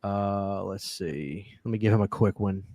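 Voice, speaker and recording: A man's voice: fairly low pitch, unhurried, no room sound. Laid-back man hosting a live stream. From New Orleans. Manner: animated, laughs often, many fillers. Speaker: podcast host. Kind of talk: casual live-stream chat.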